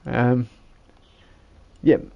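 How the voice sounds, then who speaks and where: A man's voice: extremely slow, muffled recording. A man, giving casual gameplay commentary and rambling as he thinks aloud while building. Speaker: gamer.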